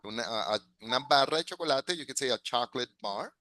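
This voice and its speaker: Patient teacher. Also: male voice, mid-range voice, animated, fast, bright, forceful tone, no echo, poor audio. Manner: patient, repeats and corrects words, praises students. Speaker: English teacher. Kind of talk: classroom lesson mixing English and Spanish.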